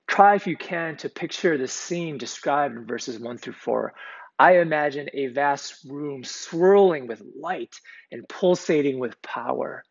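Male pastor, measured sermon delivery with a gravelly edge; muffled, lo-fi sound. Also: on the high side. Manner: deliberate, emphatic repetition of key words. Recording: dull, lo-fi recording.

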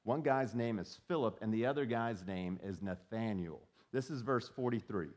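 A man's voice: lowish voice, normal speed, darkish tone. A man preaching a sermon in a conversational way, often repeating words as he starts a thought and acting out quoted voices. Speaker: pastor.

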